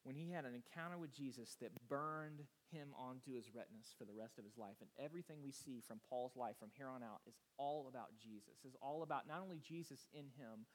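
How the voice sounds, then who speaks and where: A man in his thirties, a pastor, preaching an earnest, rambling sermon told through family stories. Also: medium pitch. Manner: earnest, rambling storytelling with restarts.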